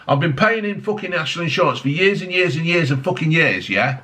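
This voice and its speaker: Swearing man ranting with lively pitch. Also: fast, few pauses. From United Kingdom. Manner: swearing heavily, mocking, repetitive tag questions. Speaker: vlogger. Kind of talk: angry political rant.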